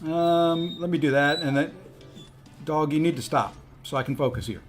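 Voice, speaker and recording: A man streaming a mobile game, chatting casually with viewers and often filling pauses with ums. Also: on the high side, soft background music. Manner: chatty, frequent ums and restarts. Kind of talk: casual livestream commentary.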